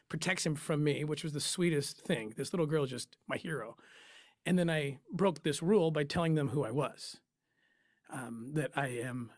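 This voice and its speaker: A man in an interview, telling a personal story in an emotional, halting way with pauses and restarts. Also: fairly high pitch, no echo, studio quality. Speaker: interview guest, former undercover operative.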